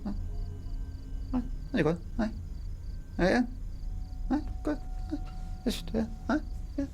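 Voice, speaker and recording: A Scottish man putting on a high, breathy, falsely cheerful voice of a young man brushing off his flatmate. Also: slow, slight background noise, full character voice. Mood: sarcastic. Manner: high, breathy mock agreement.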